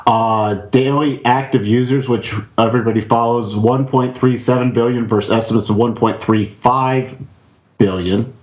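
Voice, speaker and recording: A man's voice: mid-range voice, steady tone, normal speed, muffled recording. A man hosting an investing podcast who reads out earnings figures and comments on stock charts in a casual way. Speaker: podcast host.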